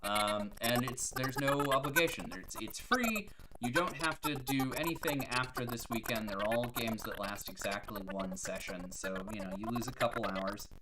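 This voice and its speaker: A woman's voice: extremely low pitch, normal speed, heavy background noise. A woman hosting a live stream, chatting casually and telling corny jokes in a self-mocking way.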